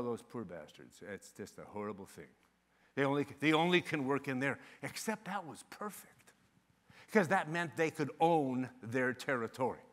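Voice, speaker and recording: High, bright-voiced animated man speaker. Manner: animated, acts out quoted phone calls. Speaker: conference speaker. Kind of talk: motivational sales talk to an audience. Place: conference hall stage.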